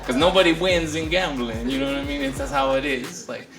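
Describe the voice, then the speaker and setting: A man's voice: fairly high pitch, fast talker, vocal fry, roomy sound. Brash man in his fifties on stage. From Philippines. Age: 50s. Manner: brash, profane, laughing at own jokes. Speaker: stand-up comedian. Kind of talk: stand-up comedy set. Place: casino stage before a live audience. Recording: stage mic heard from a distance, loud crowd and music. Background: laughing crowd and music.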